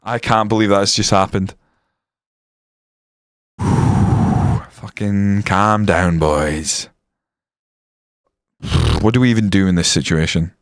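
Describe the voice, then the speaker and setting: Young streamer, potty-mouthed and volatile, smooth voice, dry close sound. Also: male voice, low voice, steady tone, slow pace, long pauses, dry recording. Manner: swears constantly, yells at the match. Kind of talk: live game-stream commentary. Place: room at home with window open.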